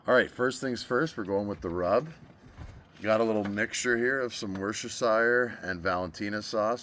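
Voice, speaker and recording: Man, very low voice, easygoing barbecue vlog host, chatty, talks while he cooks. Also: fairly bright tone, slight background noise. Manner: laid-back, chatty, thinks aloud while working. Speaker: barbecue cook and show host. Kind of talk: casual cooking vlog.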